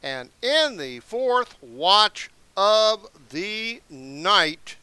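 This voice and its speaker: A man reads scripture aloud at an unhurried, deliberate pace, adding casual explanations between verses. His voice sits a little high, with a bright, forceful edge. His pitch swings widely from line to line. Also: sing-song, clear, resonant tone, no room sound. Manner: slow, deliberate reading broken by casual asides. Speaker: Bible teacher. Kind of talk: scripture reading with commentary. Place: seated indoors.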